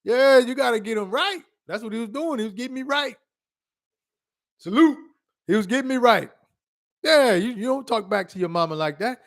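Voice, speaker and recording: A man in his thirties telling childhood stories casually to his phone camera, animated and laughing, with quick asides and repeated words. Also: very high-pitched, vocal fry. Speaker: vlogger.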